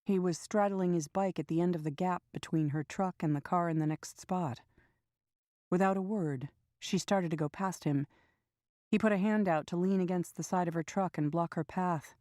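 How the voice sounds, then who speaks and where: Woman audiobook narrator, low mellow voice, steady measured delivery. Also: no echo, studio quality.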